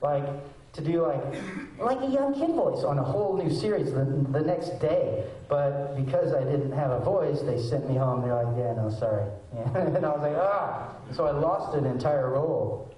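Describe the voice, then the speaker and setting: A man's voice: fairly high pitch, normal speed. A man in his forties, a voice actor, answers fan questions on a convention panel. He tells stories with energy and acts out quotes and noises as he goes. His voice carries through an echoey hall and sounds distant from the mic. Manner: animated storyteller, acts out quotes and goblin noises. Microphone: handheld mic, recorded from the audience.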